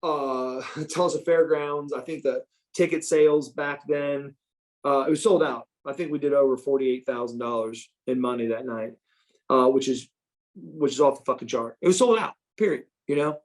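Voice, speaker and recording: Animated middle-aged man telling stories. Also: medium pitch, normal speed. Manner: animated, profane, frequent restarts. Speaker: interview guest. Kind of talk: casual storytelling.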